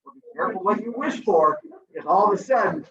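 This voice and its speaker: He talks fast, in a voice that sits high, joking around with his middle schoolers during an online review and performing silly voices for them. The energy is animated and jokey, though the video-call recording sounds distant, echoey and dull, with a faint hiss of noise.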